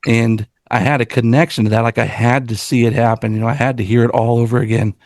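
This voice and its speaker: A man co-hosting a podcast, talking earnestly and from the heart, often circling back to restart a thought. His voice carries a gravelly fry and sounds dry and close to the mic. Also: medium pitch, level tone, fast, a little mellow, no echo. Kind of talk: casual podcast chat.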